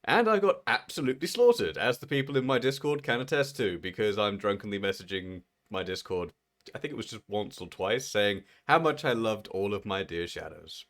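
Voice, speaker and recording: A man in his thirties hosting a live game stream, chatting playfully and laughing often. His voice sits low, and he talks with a lot of swing in his pitch. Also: lively intonation, brisk, a bit bright. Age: 30s. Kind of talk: casual live-stream chat while gaming.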